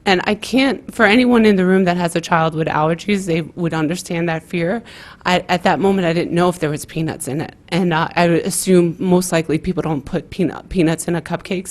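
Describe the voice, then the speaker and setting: A woman speaking as a parent during public comment at a school board meeting, emotional and retelling a frightening story with quoted dialogue. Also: on the low side.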